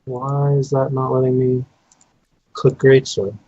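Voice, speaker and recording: A man's voice: mid-range voice, monotone, unhurried, mellow, no room sound, muffled recording. A man playing a tabletop game, talking casually with lots of fillers and eager calls to act. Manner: hesitant, filler-heavy, eager. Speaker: player.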